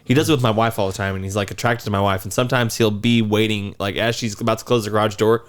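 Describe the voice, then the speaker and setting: A man's voice: lowish voice, steady tone, fast, clear, resonant tone. A man in his thirties casually telling a long, rambling story on a podcast. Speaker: podcast co-host.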